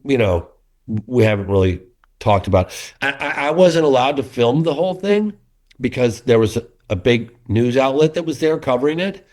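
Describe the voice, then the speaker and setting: Middle-aged guy rambling through stories in a podcast interview, acts out what people said, normal pitch. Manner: animated storyteller, many restarts, acts out quotes. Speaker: documentary filmmaker. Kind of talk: casual interview talk.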